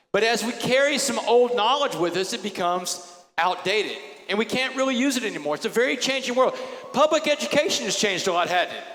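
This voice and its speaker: High-voiced motivational speaker. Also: male voice, fairly bright tone. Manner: storytelling, emphatic. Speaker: keynote speaker. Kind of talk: motivational speech. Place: large hall. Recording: echoey hall.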